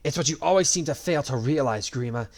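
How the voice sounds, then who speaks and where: A man voicing an angry young male swordsman hero in a fan audio story, with a cold, defiant, sharp-edged delivery. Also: medium pitch, lively intonation, quick pace, pitched above the performer's own voice.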